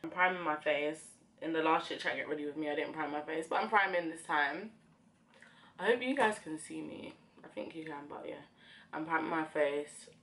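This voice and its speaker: A woman's voice: low-pitched, normal speed. A young woman chatting to camera while doing her makeup, tearful and hesitant, with many fillers, recorded at home. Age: young adult. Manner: soft, hesitant, full of fillers. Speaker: beauty vlogger.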